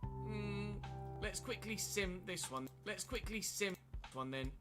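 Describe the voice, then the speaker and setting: A man's voice: sits high, expressive, a little slow, over music. A man streaming a football career game, commenting casually with a chatty, wry manner and answering his chat.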